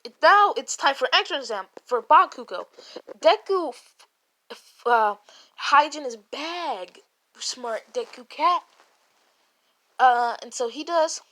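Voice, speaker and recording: A woman's voice: high voice, animated, takes it slowly, pauses often, bright, forceful tone. A woman casually retelling a made-up fan story, rambling and swearing, with many restarts. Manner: rambling and profane, full of restarts and "like".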